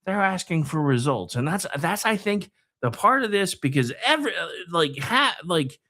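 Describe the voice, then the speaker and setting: A man hosting a political talk show, delivering a sarcastic, digressive commentary monologue that swings between loud and soft. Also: high voice, very animated, normal speed.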